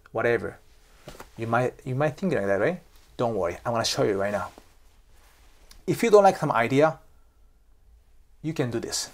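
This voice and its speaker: A man's voice: mid-range voice, lively intonation, normal speed, pauses often, a little mellow. Emphatic Japanese-accented man. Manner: emphatic, repeats "okay?" and "seriously", acts out examples. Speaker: cultural commentator. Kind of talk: casual explainer talk.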